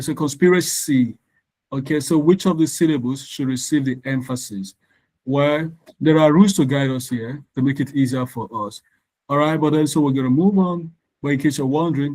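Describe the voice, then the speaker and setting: A male tutor giving a live online lesson, talking students through exam questions at a measured, explanatory pace. His pitch sits in an ordinary middle range, and he stops now and then to check whether the class can hear him through his computer mic. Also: darkish tone, poor audio.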